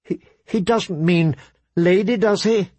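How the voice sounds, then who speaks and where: A man's voice: very high voice, a little slow, dry recording, voice pushed up. A man reading an audiobook, voicing a frightened young girl who pleads through tears. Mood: pleading, frightened. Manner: desperate, tearful pleading.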